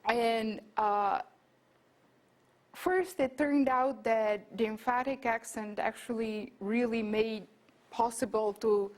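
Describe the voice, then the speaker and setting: A woman's voice: on the high side, steady tone, takes it slowly. A woman giving an academic lecture, explaining her research in a thinking-aloud way with frequent fillers and restarts. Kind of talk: academic talk with slides. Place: lecture room.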